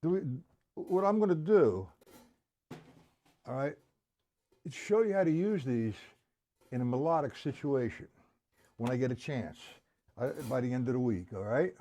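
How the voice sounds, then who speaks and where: A man's voice: mid-range voice, expressive, moderate pace, pauses often, dark tone. A man teaching a live-streamed drum lesson, breaking patterns down step by step, counting beats aloud and speaking to viewers by name.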